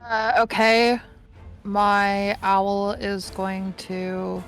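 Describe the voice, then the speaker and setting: A woman's voice: mid-range voice, completely flat delivery, drawn-out words, a bit bright, faint music behind. A woman playing a tabletop game, hesitant and giggly, with many fillers. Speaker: player.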